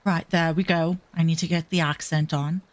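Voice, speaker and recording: A woman's voice: low-pitched, steady tone, normal speed. A woman streamer giving wry, self-mocking gameplay commentary and swearing casually.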